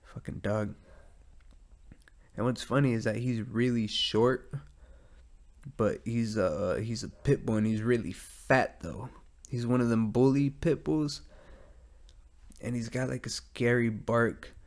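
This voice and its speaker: In a mid-range, slightly mellow voice with fairly even intonation, a young adult man talks slowly and pauses often. He's hosting a rambling, profane, laid-back solo podcast from his home garage.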